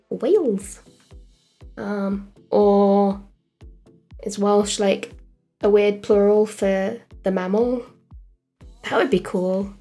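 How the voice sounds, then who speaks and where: A woman's voice: mid-range voice, darkish tone. A young woman chatting casually on a livestream while she animates, rambling and giggling, with lots of fillers and self-corrections. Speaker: streamer animator.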